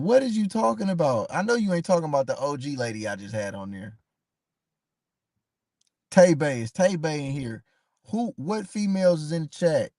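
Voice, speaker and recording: A man's voice: mid-range voice, darkish tone. A man hosting a casual live stream, chatting straight to his viewers and calling them by name. He talks with passion and repeats himself as he goes. The sound is close and dry, with no room echo.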